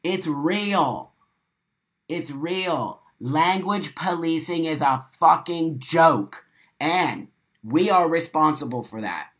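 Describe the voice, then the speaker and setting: A livestream host in an unscripted, profane rant, repeating lines for punch, swinging between loud bursts and quiet asides, reading viewer comments. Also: mid-range voice, animated. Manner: rapid-fire delivery.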